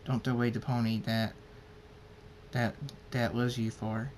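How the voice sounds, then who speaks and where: A man reading aloud as a devoted male pony king, soft-spoken and earnest, in a fan storybook reading. His voice sits at an ordinary middle pitch and stumbles into small restarts. A faint low rumble hums under it. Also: level tone, natural voice. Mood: tender. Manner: soft, halting read with restarts.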